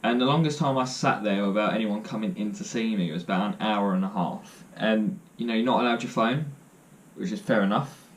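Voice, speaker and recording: A man's voice: fairly low pitch, a little fast. Joking young man telling stories. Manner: jokey, self-deprecating, rambling with fillers. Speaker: vlogger. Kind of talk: casual storytelling to camera.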